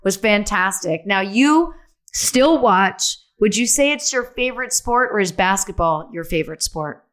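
An American woman hosting a podcast, asking questions in a lively conversational way. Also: mid-range voice, measured pace. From United States. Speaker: podcast host. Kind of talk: casual interview chat.

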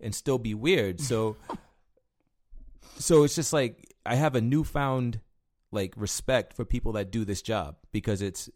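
A man's voice: fairly low pitch, slow, darkish tone. A man chatting casually, telling rambling stories about bouncing at a bar, full of fillers and swearing. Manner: rambling storyteller, heavy filler words, swears freely. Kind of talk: casual chat.

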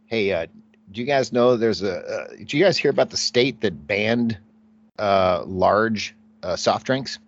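A man's voice: fairly low pitch, a little slow. Rambling lo-fi podcast host man. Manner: relaxed, rambling with many fillers. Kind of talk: casual podcast chat.

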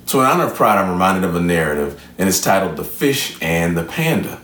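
A man's voice: low voice, sing-song, a little fast, a bit bright. A man telling a fable and drawing an earnest, preacher-like motivational lesson from it. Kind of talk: motivational storytelling talk. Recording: roomy echo, from a distance.

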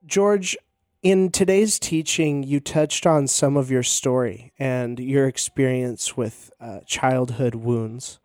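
A man hosting a podcast, reading an announcement in a plain, measured way and then asking interview questions. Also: medium pitch, darkish tone, no echo. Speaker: podcast host. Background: music.

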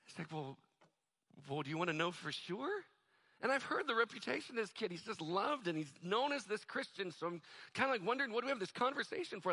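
A man preaching in a loose, conversational way, joking with his listeners and acting out the voices in his story. His voice sits a little high and sounds bright and forceful. He keeps the sermon casual and story-driven. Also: expressive, fast talker. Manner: conversational, jokey, acts out quoted voices. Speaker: pastor.

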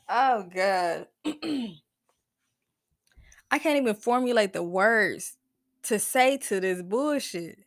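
A woman's voice: a little high, lively intonation, very slow, long pauses, no room sound, clean studio sound. A woman hosting a podcast in casual chat, talking with profane exasperation and often breaking into laughs and sighs. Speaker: podcast host.

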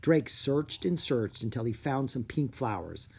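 A narrator reading a children's audiobook with expressive storytelling. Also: mid-range voice, a little slow, creaky, slightly rough.

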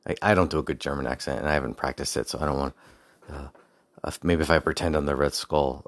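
Very deep-voiced man telling a story. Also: fairly even intonation, quick pace, fairly bright tone, dry recording, studio quality. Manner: rambling, with frequent restarts and asides; faith-focused reflection. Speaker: podcast host. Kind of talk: casual personal storytelling.

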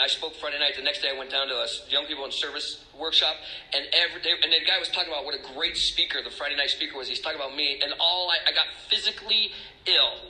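A man's voice: mid-range voice, bright, forceful tone, echoey room, low-quality recording. A middle-aged man speaking as a recovery speaker, emotional and confessional, rambling with restarts. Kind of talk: personal testimony talk.

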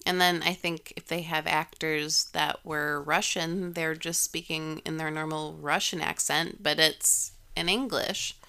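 A woman co-hosting a podcast in casual chat, matter-of-fact and quick to correct her co-host. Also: sits low, fairly even intonation, bright, forceful tone.

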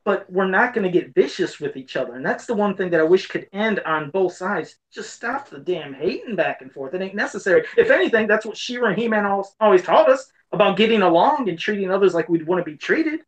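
A man's voice: high voice, expressive, brisk, few pauses, low-quality recording. A man co-hosting a casual podcast chat, talking in an earnest, rambling way that circles back on itself. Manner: rambling, earnest, repeats himself. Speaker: podcast co-host.

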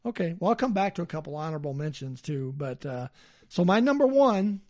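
A man's voice: a little high, very animated, brisk, a little mellow. A man co-hosting a podcast in casual chat, easygoing and rambling. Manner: easygoing, rambling with fillers and laughs. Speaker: podcast co-host.

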